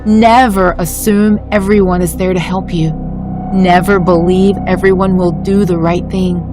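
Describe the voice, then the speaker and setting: A woman reading a scripted first-person horror story in a measured, dramatic way. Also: lowish voice, steady tone, music in the background. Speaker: story narrator.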